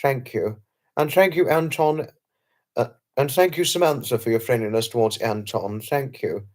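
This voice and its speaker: A man's voice: mid-range voice, moderate pace, darkish tone. Chatty man hosting a live stream. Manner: chatty, repeats phrases, lots of thanks and hellos to viewers, chuckles often; polite, slightly formal wording with restarts. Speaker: livestream host. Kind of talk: casual live stream chat, reading and answering viewer comments.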